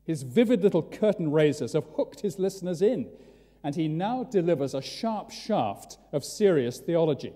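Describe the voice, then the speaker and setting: A man preaching a sermon in a large church, telling it with lively, dramatic storytelling. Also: fairly high pitch, normal speed. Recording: long church reverb.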